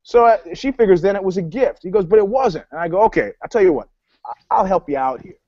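Male storyteller, high voice, rambling with restarts, dull lo-fi recording. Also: animated, quick pace, darkish tone, no echo. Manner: rambling storyteller, many restarts, acts out quotes. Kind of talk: casual chat. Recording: dull, dry lo-fi sound.

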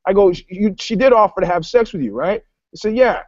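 Rambling high-voiced man, dry lo-fi. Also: lively intonation, fairly quick, dry recording. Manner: rambling storyteller, many restarts, acts out quotes. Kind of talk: casual chat. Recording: dull, dry lo-fi sound.

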